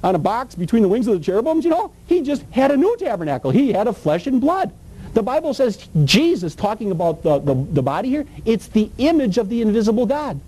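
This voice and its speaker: A man's voice: extremely high pitch, big pitch swings, a little fast, dark tone, husky, rough recording. A man preaching a sermon, emphatic and full of rhetorical questions, with folksy grammar.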